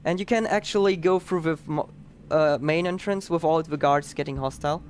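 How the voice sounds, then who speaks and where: A man's voice: fairly high pitch, brisk, a little hiss or hum. A man with a Dutch accent giving chatty, upbeat live commentary on his own speedrun, explaining as he plays.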